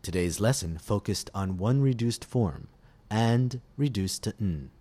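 A man teaching English pronunciation in a scripted podcast lesson, speaking slowly and articulating each word clearly. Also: lowish voice, lively intonation, dark tone. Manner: slow, deliberate, clearly articulated delivery.

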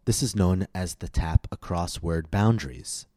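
A man giving a scripted pronunciation lesson as a coach, speaking slowly and enunciating carefully. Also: low voice, lively intonation, mellow, no room sound, clean studio sound. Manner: slow, careful, clearly enunciated. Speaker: accent coach.

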